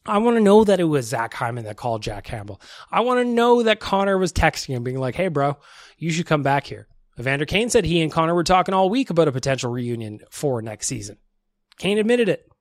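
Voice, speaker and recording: A man's voice: fairly high pitch, sing-song, a little fast, no echo. A man hosting a sports podcast, ranting and joking in a casual, self-mocking way. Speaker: podcast host.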